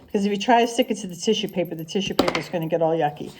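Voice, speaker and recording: A woman teaching preschool, reading a picture book aloud in a gentle, sing-song storybook manner and asking the little ones simple questions. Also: fairly low pitch, very fast, background noise.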